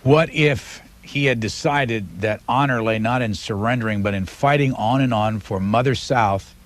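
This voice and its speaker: A man's voice: on the low side, moderate pace. A man interviewing a historian, posing hypothetical what-if questions.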